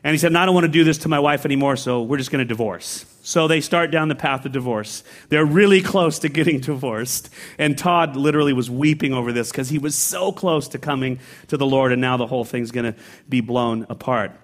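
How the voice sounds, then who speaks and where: A middle-aged man preaching a sermon as a pastor, telling stories in a lively, conversational way that builds to excited peaks. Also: mid-range voice, a little fast. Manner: storytelling, rising to excited peaks. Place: large church sanctuary.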